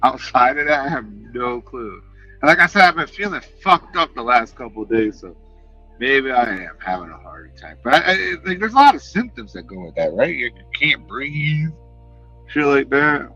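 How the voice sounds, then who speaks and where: A man chatting casually on a live stream, talking in an animated, passionate way and swearing freely, speaking into a headset. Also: medium pitch, normal speed, slightly rough, muffled recording, soft background music. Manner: animated, passionate, profane talk.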